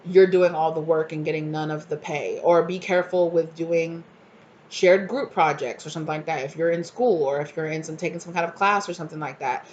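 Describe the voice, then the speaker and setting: A woman with a slightly low voice talks through a tarot reading in a loose, chatty way. She keeps acting out quoted people with exasperated little voices. The sound is dull and lo-fi, with a faint hiss behind it. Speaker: tarot reader. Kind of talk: casual tarot reading to camera.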